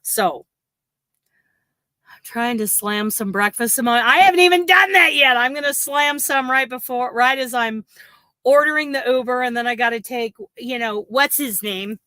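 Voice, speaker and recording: A woman's voice: fairly high pitch, moderate pace, sharp tone, dry recording. A woman hosting a crochet livestream, chatting in a rambling, gushing way and laughing often. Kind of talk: casual livestream chat.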